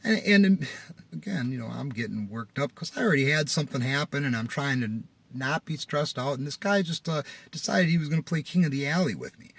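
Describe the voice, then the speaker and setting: A man who runs a small business, telling a personal story in a casual vlog, exasperated and animated. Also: fairly high pitch, no room sound. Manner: animated, exasperated retelling with rising outbursts.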